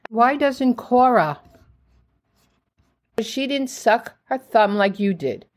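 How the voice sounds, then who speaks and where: A woman's voice: on the high side, lively intonation, slow pace, pitched above the performer's own voice. A woman reading the lines of a jovial, doting father visiting his daughters, in her own voice. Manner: jovial, coaxing.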